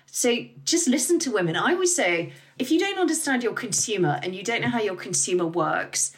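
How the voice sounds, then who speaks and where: A middle-aged woman, a business founder guesting on an interview, talking candidly and lively and swearing freely. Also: medium pitch, a little fast. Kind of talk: casual interview talk.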